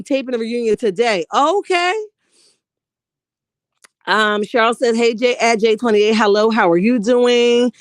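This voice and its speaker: A woman hosting a live stream, reading viewer comments aloud in a sassy, animated way and calling people honey. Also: fairly high pitch, smooth, dry recording, studio quality. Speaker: livestream host reading chat. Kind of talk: casual live chat.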